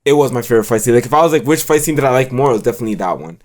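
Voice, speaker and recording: A young man co-hosting an anime review show, talking in a slangy, halting way and retelling scenes in quotes. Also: medium pitch, lively intonation, darkish tone. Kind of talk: casual chat.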